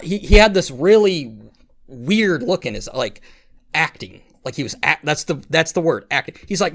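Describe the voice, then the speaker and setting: A man's voice: a little high, expressive, normal speed, a bit bright, no room sound, studio quality. A man hosting a podcast, telling a rambling, profane story with lots of restarts and quoted voices. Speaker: podcast host. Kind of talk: casual storytelling chat.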